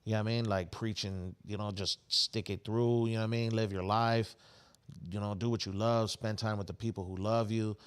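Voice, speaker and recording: A low-voiced man co-hosting a podcast. He talks loosely in street slang, peppering every thought with "bro" and "you know". The tone is easygoing and conversational. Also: fairly even intonation, brisk, clean tone. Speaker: podcast co-host. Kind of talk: casual chat.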